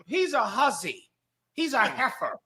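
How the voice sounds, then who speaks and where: A man hosting a live talk show, mocking and animated as he rants. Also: very high-pitched, unhurried. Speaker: host. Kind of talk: heated live radio commentary.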